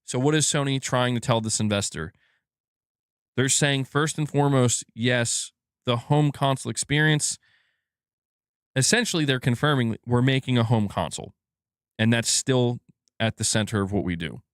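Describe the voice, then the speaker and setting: A man's voice: medium pitch, moderate pace, dry recording, studio quality. A man hosting a casual gaming news live stream, who talks loosely, swears, and laughs at himself.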